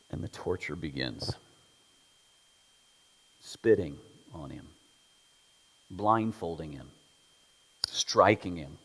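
A man preaching a sermon, telling the story with animated delivery, acting out quotes and dropping to whispers. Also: deep voice, measured pace, pauses often, slightly rough. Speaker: pastor. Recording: long hall reverb.

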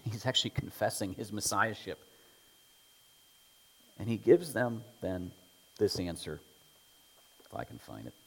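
A man preaching a sermon, telling the story with animated delivery, acting out quotes and dropping to whispers. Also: on the low side, a little slow, vocal fry, long pauses, slightly rough. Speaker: pastor. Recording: long hall reverb.

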